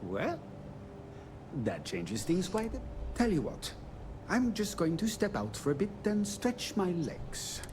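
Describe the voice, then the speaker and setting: An actor playing a nervous young ship engineer in a video game, talking hesitantly with many filler sounds. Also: male voice, huge pitch swings, unhurried, heavily acted. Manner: hesitant, full of uh's. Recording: game audio with rumbling engine noise.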